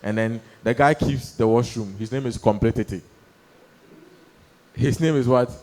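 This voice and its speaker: A young man doing stand-up storytelling on stage, animated, acting out voices and laughing through his lines. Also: medium pitch, normal speed. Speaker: stand-up comedian. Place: comedy stage before a live audience.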